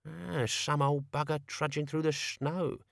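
A man's voice: fairly high pitch, flat delivery, unhurried, gravelly, fairly bright tone, dry recording, studio quality, pitched above the performer's own voice. A man voicing a crotchety old male servant who complains in a cranky, raised voice. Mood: grumbling.

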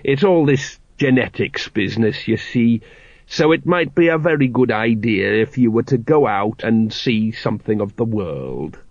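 A man's voice: mid-range voice, expressive, darkish tone, dry recording. A man doing a fumbling old dwarf father. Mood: awkward, gentle. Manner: hesitant, halting, slow. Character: elderly male dwarf father, worried, fumbling. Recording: dry, dull lo-fi audiobook recording.

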